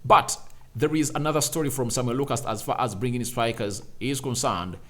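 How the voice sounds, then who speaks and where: A man's voice: mid-range voice, a little fast, fairly bright tone. A man hosting a fan channel, giving opinionated football commentary with emphatic rhetorical questions and repeated phrases.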